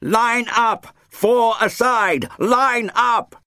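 A man's voice: very high-pitched, extremely slow, bright, forceful tone, no room sound, clean studio sound, voice pushed up, full character voice. A man voicing an impatient army officer who bellows orders over the roar of a helicopter. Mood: furious.

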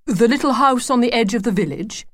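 A woman voicing a proud, excitable male wolf who has just become a father, talking in a grand, formal way. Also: on the high side, a little fast, breathy edge, no room sound, pitched above the performer's own voice. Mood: warm.

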